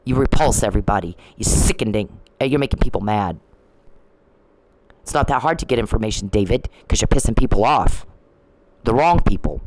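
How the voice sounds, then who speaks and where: A woman's voice: very deep voice, lively intonation, a little fast, a little mellow, no echo, poor audio. A middle-aged woman in a ranting vlog monologue, confrontational and repetitive, scolding someone directly. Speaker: vlogger.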